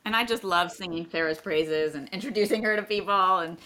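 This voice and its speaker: A woman's voice: lowish voice, brisk, sharp tone. A woman guest on a casual panel, speaking in an encouraging way.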